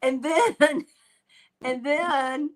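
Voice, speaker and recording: An older woman, a psychic medium hosting a casual livestream, telling stories in an animated way. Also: high voice, very slow, poor audio. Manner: animated storytelling, quotes spirits in voices. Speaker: psychic medium, show host.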